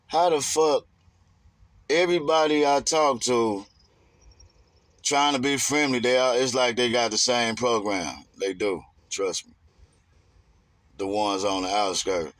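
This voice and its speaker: A man's voice: medium pitch, measured pace, long pauses, fairly bright tone. A man giving a rambling, emphatic casual monologue in streetwise slang.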